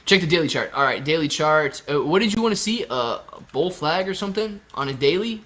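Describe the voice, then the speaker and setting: Young male stream host, bright and slightly high, jokey chat reader. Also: expressive, a little fast. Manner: joking, reads viewer chat aloud. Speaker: livestream host. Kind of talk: casual live stream chat.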